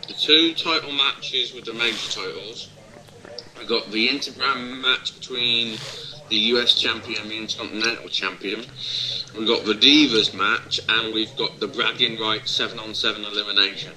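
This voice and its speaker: A man's voice: lowish voice, fairly even intonation, moderate pace, crowd noise, rough recording. A man co-hosting a casual wrestling webcast, hesitant, trailing off and restarting as he gives his opinions. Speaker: co-host. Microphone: webcam mic.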